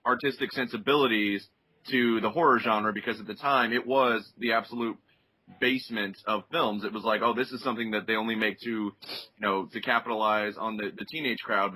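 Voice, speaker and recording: A man chatting on a film podcast with a bright, forceful voice, pitched in the middle range. He talks at length and with enthusiasm, and swears freely. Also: poor audio. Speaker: podcast panelist. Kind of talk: casual film chat.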